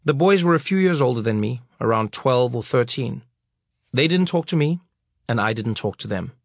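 A man's voice: medium pitch, animated, normal speed, vocal fry, no echo. A man reading his memoir aloud, wry and storytelling, on a close studio mic. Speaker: narrator.

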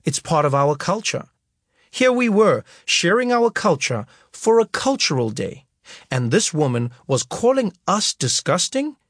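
A man's voice: sits high, unhurried, dry recording, studio quality. A man from Africa, narrating his memoir as an audiobook, acting out the scenes as he goes. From South Africa. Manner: lively storytelling that acts out scenes.

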